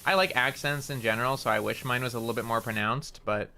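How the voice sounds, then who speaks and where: A man's voice: medium pitch, fast talker, creaky, pushed and bright, a little hiss or hum. A man with a mild rural Canadian accent, chatting casually and rambling as he streams a game, peppering his talk with "like" and casual swearing. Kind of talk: casual chat while gaming.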